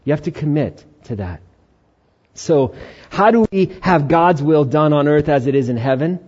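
Middle-aged male pastor, lively sermon delivery with acted-out voices; fairly high voice, dull lo-fi capture. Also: normal speed, slightly rough. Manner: animated, acts out inner voices and God's lines.

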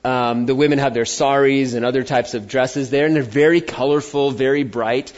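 A man's voice: mid-range voice, steady tone, moderate pace. An American man preaching a sermon, telling a personal story and acting out the voices he quotes. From United States. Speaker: pastor. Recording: dull lo-fi sound.

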